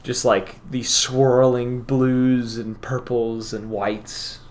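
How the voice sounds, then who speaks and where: A man running a tabletop game as game master, narrating scenes in a relaxed, rambling way. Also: medium pitch, slow. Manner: relaxed, rambling descriptions with laughs.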